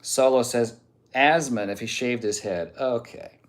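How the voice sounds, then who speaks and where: A man's voice: medium pitch, a little slow. A man streaming live, reading viewer messages aloud in a joking, off-hand way. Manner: joking, off-hand, reads messages out one after another.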